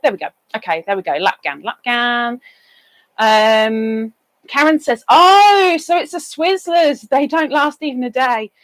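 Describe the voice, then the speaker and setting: A woman's voice: fairly high pitch, lively intonation, slow, dry recording, rough recording. A woman hosting a casual live stream, chatting and reading viewer comments aloud, with sing-song greetings for each newcomer.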